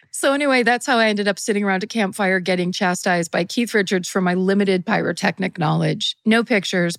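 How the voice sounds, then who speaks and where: A woman's voice: medium pitch, vocal fry, no room sound. A woman co-hosting a podcast, reading a listener's story aloud in casual chat, breaking into frequent laughter. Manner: laughs often while reading, chatty and playful.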